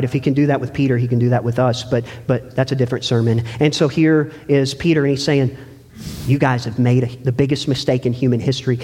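Earnest preacher man with long reverb. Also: mid-range voice. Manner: earnest, pleading, dramatic shifts between loud and hushed. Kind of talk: sermon. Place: church sanctuary.

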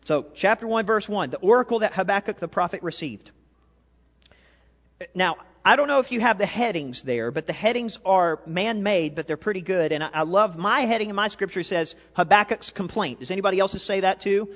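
A male pastor preaching a sermon, animated, swinging between loud and quiet and asking the congregation questions. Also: sits high, a little fast. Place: church sanctuary. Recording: long hall reverb.

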